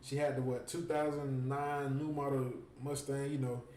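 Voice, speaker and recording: A man hosting a stream, telling stories in a casual, animated and joking way. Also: mid-range voice, normal speed. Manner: animated, joking, full of fillers. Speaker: host. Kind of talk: casual storytelling and preaching on a stream. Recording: echoey room with faint noise.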